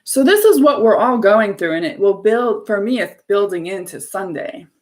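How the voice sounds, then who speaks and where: A woman's voice: mid-range voice, sing-song, normal speed. A woman hosting a casual spiritual live stream, talking in an earnest, effusive way. She shares her own experience in a loose, storytelling flow. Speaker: live show host.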